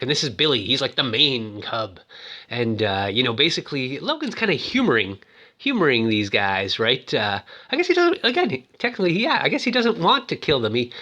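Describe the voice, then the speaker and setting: A man's voice: mid-range voice, bright, forceful tone. A man casually recapping a film, rambling and chatty, and acting out the characters' lines as he goes. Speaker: movie recap host.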